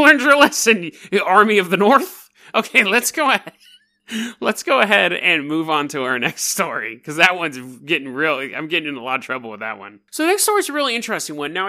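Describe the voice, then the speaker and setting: A man hosting a casual storytelling podcast, talking in an animated, jokey and digressive way. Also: on the high side. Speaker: podcast host.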